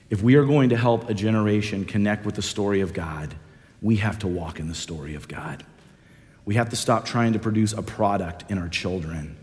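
A man preaching a sermon as a minister, telling a story with lively swings and hushed solemn moments. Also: deep voice. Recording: long reverb of a large hall.

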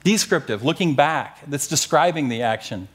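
A middle-aged man preaching and teaching from the Bible, animated and joking, pushing key phrases up with emphasis. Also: fairly high pitch, moderate pace. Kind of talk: sermon-style Bible teaching.

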